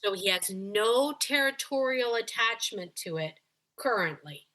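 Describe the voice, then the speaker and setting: A woman's voice: on the high side, expressive, measured pace, pushed and bright. A woman dog behavior coach on a coaching call, talking animatedly and acting out the voices of dogs and owners.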